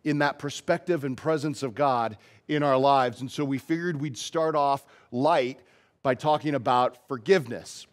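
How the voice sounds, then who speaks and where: A man's voice: mid-range voice, normal speed. A male pastor giving a casual, story-driven sermon in a church.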